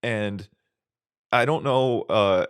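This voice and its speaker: Low-voiced man telling a rambling story. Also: extremely slow, clear, resonant tone, no echo. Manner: animated, profane, acts out voices in stories. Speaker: podcast co-host. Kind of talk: casual storytelling chat.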